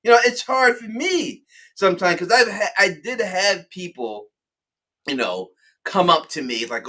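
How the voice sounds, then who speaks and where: A man's voice: on the high side, moderate pace. A man hosting a casual chat, telling stories with lots of laughter and acting out voices. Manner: animated storytelling, laughing often, acting out voices. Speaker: channel host.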